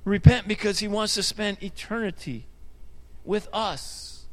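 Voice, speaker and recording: A man's voice: sits high, a little slow, a bit bright. A male pastor preaching a sermon in a conversational way, often repeating words and adding asides. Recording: hall reverb.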